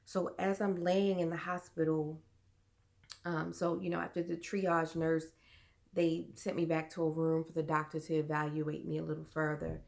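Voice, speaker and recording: Low flat-voiced woman telling her story. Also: creaky. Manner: earnest, halting, many fillers. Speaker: vlogger. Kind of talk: personal storytelling.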